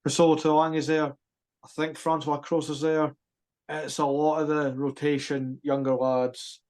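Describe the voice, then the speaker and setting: A man's voice: fairly high pitch, normal speed. A man hosting a casual rugby podcast, joking and bantering. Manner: jokey, lively banter. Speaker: podcast host.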